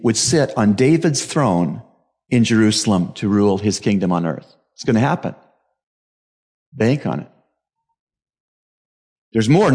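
A middle-aged male pastor preaching a sermon emphatically, jumping to sudden high exclamations. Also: darkish tone.

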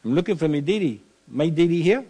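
A man's voice: fairly high pitch, expressive, quick pace, mellow, breathy edge, voice pushed up. A man putting on a young island boy with a Bahamian accent, asking for his daddy. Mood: pleading.

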